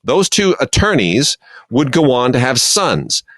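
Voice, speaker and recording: A man co-hosting a podcast in casual film chat, enthusiastic and quick with asides. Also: mid-range voice, sing-song, a bit bright, dry recording. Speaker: podcast co-host.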